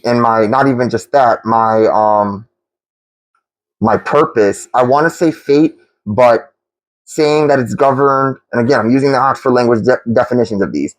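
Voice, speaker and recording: A man giving an unscripted spiritual monologue to camera for his tarot channel, halting and full of restarts and fillers. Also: medium pitch, no room sound, poor audio.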